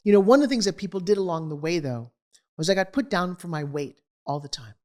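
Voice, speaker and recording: Animated middle-aged woman telling her story. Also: fairly low pitch, fast. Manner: animated, acts out quoted voices. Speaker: guest. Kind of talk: candid storytelling interview.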